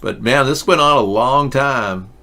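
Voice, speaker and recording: A man's voice: mid-range voice, unhurried, sharp tone. Male host with a mid-range voice who talks casually and rambles through jokey asides. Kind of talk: casual commentary monologue.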